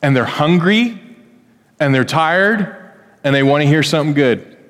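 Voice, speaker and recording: A man preaching a sermon in a church, telling the story in a conversational, animated way and acting out the quotes. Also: fairly high pitch, measured pace. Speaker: pastor. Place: church hall. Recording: echoey church hall.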